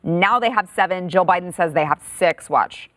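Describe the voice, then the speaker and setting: A woman co-hosting a political commentary show, sarcastic and quick to laugh. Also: on the low side, fairly bright tone, dry recording. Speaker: co-host.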